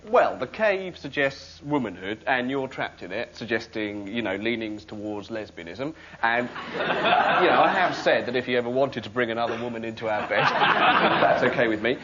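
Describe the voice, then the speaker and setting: A man's voice: medium pitch, animated, normal speed. A man doing a wry, rambling comic monologue in front of a laughing audience. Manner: rambling, wry confessional delivery. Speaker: sketch comedian. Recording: dull recording with loud noise.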